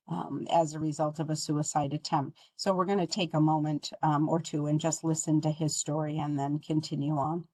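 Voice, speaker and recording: A woman's voice: low voice, dark tone, no echo, low-quality recording. A woman leading a training webinar, talking in an earnest, conversational way with frequent ums. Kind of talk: webinar presentation.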